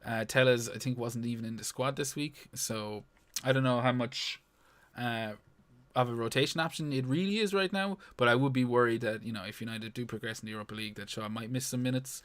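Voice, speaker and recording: A man's voice: mid-range voice, fairly quick. A man co-hosting a podcast in casual chat, laid-back, swearing freely and using lots of fillers. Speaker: podcast co-host.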